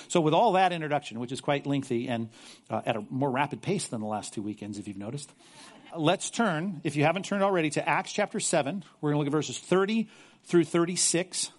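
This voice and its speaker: A man delivers a sermon in an earnest, conversational way, reading from scripture and adding his own asides. His voice sits a little on the high side, and he often repeats a word as he presses a point. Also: lively intonation, brisk. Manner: earnest, repeats words when stressing a point. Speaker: pastor.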